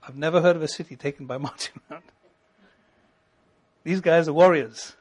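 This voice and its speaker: A middle-aged man preaches from the pulpit with a husky, slightly breathy voice that sits a little high for a man. His delivery swells into ringing emphasis and then falls back to a hushed, close tone. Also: moderate pace. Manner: preaching with rising emphasis and sudden soft drops. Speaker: pastor. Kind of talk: sermon.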